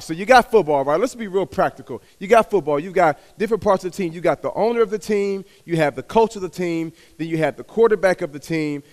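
A man from Texas, preaching a sermon in a conversational way, asking the crowd to respond, building up and then dropping to a hush. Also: high voice. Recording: long hall reverb.

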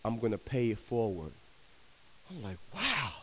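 Young man, youth preacher, sermon, slightly high voice, animated storytelling, soft to loud swings, long hall reverb. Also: moderate pace. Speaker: youth minister. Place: large hall with young audience.

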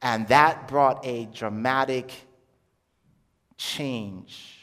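A man's voice: medium pitch, drawn-out words. Man preaching in a reverberant hall. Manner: animated storytelling, acting out quoted voices, laughing. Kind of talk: testimony sermon.

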